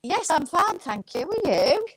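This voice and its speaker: A woman's voice: extremely high pitch, big pitch swings, unhurried, a crowd in the background, poor audio. A middle-aged woman, a guest on a live chat show, answering in a friendly, modest, informal way. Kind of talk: casual interview chat.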